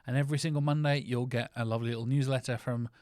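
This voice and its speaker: A British man hosting a podcast, talking in a chatty, enthusiastic way with plenty of rambling asides. His voice sits at an average pitch. The sound is dry and close, with no room echo. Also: steady tone, rapid-fire, a little mellow. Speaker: podcast host. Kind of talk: casual podcast outro.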